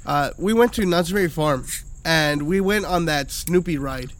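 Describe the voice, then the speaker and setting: A man co-hosting a casual drinking chat, telling stories loudly and profanely. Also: a little high, normal speed. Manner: loud, profane, animated storytelling. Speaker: podcast co-host.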